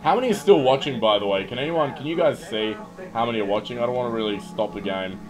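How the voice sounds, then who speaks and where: This young man is a streamer talking fast in a mid-range voice as he plays a shooter, giving loose live commentary full of swearing and yelps when things go sideways. The recording is low quality, with game music and gunfire behind him.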